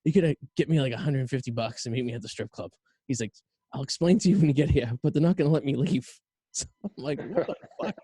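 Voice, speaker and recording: A man tells a story fast and loose, swearing and laughing as he goes. His voice is dark and mellow, and the sound is dry and close. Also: medium pitch, slightly rough, no echo. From Boston area. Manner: rambling, profane, laughing storyteller. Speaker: podcast co-host. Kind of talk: casual storytelling chat.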